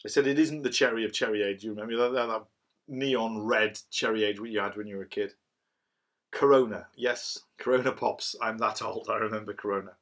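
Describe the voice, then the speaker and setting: This middle-aged man's voice is lowish and a bit bright, with a steady tone and a fairly quick pace. Reviewing a cider in a relaxed, chatty way, he wanders off on tangents and admits he's a waffler.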